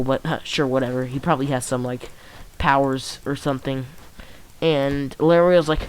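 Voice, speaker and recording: A man's voice: mid-range voice, clean tone, low-quality recording. Guy rambling thru a fan story, lots of likes and um, keeps restarting. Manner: rambling, halting, full of "like" and restarts. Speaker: channel host. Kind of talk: casual fan-story retelling.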